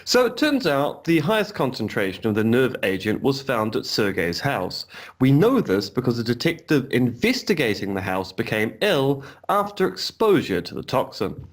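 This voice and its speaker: A man's voice: medium pitch, sing-song, moderate pace. A man co-hosting a podcast over a video call, chatting casually with dry, self-deprecating jokes. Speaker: podcast co-host. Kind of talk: casual chat. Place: home in Romania.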